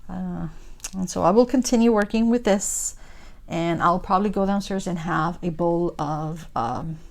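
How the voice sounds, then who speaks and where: A woman's voice: fairly low pitch, a little slow, creaky. A woman crafting vlogger chatting casually while diamond painting, retelling a story with lots of fillers and gushing asides to her viewers. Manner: warm, gushing asides addressed to viewers as guys.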